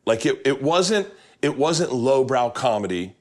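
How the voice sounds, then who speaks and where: A man hosting a casual chat, telling animated, profane stories and acting out quotes. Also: medium pitch, unhurried. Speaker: podcast host. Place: kitchen.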